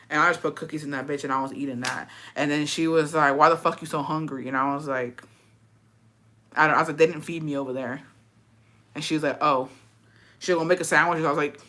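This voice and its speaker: A woman's voice: low voice, pushed and bright. A woman telling a personal story on a livestream in casual, profane chat, answering comments bluntly. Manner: profane, blunt, frequent "bitch" tags. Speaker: livestream host reading chat.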